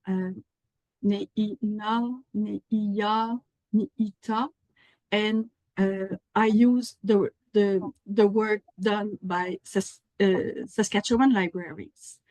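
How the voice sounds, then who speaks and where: Slow, careful woman answering questions. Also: mid-range voice, darkish tone, dry recording, rough recording. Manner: careful, with frequent fillers. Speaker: librarian presenter.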